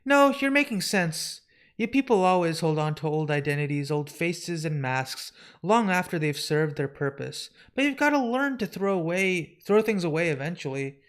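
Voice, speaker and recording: Death as a kind, gentle young woman, read by a man in a live comic book reading. She speaks softly and comfortingly to someone in distress. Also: on the high side, expressive, normal speed, smooth, natural voice.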